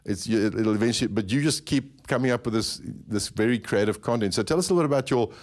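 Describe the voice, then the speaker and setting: A man's voice: medium pitch, fast. A man from South Africa hosting a podcast interview, talking in long rambling turns and repeating words as he thinks. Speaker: podcast host. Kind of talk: conversational interview.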